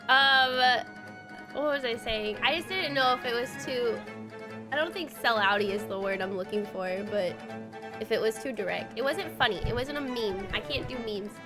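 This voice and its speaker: Bubbly, giggly young woman. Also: a little high. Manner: bubbly, giggly, lots of "like" fillers. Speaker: streamer. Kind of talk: casual chat while livestreaming a game. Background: faint game music.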